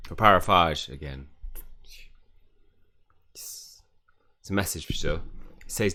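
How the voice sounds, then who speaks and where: A man's voice: low-pitched, slow, long pauses, pushed and bright. A man reading game dialogue aloud in a playthrough, loose and offhand.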